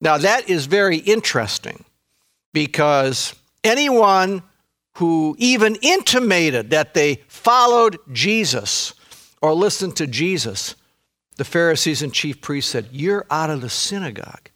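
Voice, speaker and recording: A man preaching a sermon in an animated storytelling way, acting out the voices in the scripture and repeating words for emphasis. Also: a little high, slow. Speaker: pastor.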